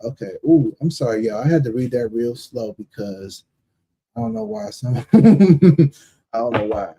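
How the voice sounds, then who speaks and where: Brief: male tarot streamer, very dark mellow tone, blunt and profane, casual delivery. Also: mid-range voice, very animated, a little slow, vocal fry, slightly rough, muffled recording. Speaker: tarot reader and live stream host. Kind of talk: casual live-stream chat and reading.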